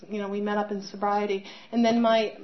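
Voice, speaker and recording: A woman's voice: mid-range voice, flat delivery, brisk, highs cut off. A middle-aged woman telling her personal recovery story, candid and conversational, with many fillers and restarts. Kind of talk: personal testimony talk.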